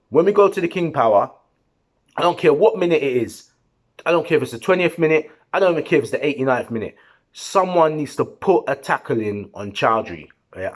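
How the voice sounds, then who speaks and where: A man giving a heated, slangy post-match football reaction, talking to the camera. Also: medium pitch. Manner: animated, heated, slangy and repetitive. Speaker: football fan vlogger.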